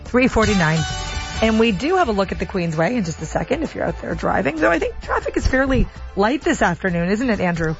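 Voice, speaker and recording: A woman hosting a radio show, chatting lively and conversationally between segments. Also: medium pitch, quick pace. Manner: lively, conversational, lightly laughing. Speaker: radio host. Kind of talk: casual radio chat. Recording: dry, dull radio audio with faint music.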